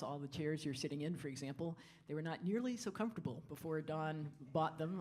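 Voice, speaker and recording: A woman speaks from a concert hall stage as a jazz bandleader, addressing the audience between pieces. Her talk is friendly but halting, dotted with fillers and restarts, picked up on a stage microphone. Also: deep voice, a little mellow.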